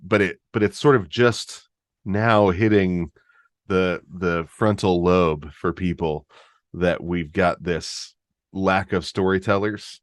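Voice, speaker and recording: A man speaking as a podcast guest in casual conversation, halting and restarting often and laughing easily. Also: low voice, steady tone, no room sound, studio quality.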